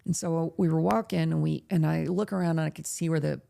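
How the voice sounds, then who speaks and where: Woman host, casual storytelling, low gravelly voice, animated retelling. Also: a little fast. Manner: animated, acts out quoted voices. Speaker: podcast host.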